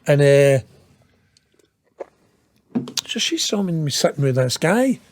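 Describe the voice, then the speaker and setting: A man's voice: fairly high pitch, very animated, slow pace, slight background noise. A Scottish man in his fifties, a guest telling a long story in an interview, rambling and profane, laughing and poking fun at himself. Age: 50s. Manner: rambling, profane, laughs at his own tale, self-mocking.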